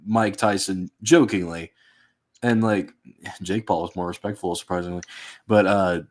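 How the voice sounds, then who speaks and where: A man's voice: low voice, unhurried. A man co-hosting a podcast, chatting casually and retelling moments with rambling restarts. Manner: rambling, restarts often, animated when retelling. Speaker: podcast co-host. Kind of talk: casual chat.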